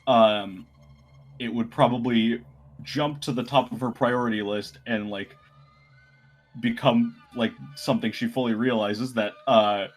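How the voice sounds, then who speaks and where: A man playing in a tabletop role-playing game, describing his character's actions in a relaxed, halting way. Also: medium pitch, rough recording. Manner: relaxed, halting, full of fillers and laughs. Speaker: player. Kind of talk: tabletop role-play narration.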